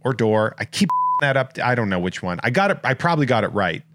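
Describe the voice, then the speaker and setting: A man hosting a podcast in casual chat, joking and rambling through listener shout-outs. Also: mid-range voice, sing-song, quick pace, dry recording. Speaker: podcast host.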